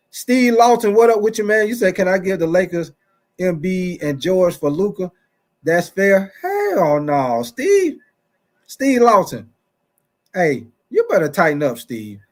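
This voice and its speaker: Chatty man hosting a sports livestream. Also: high-pitched. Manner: chatty, repeats phrases, talks straight to chat viewers by name; playful mock-preacher asides. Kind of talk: casual sports talk livestream.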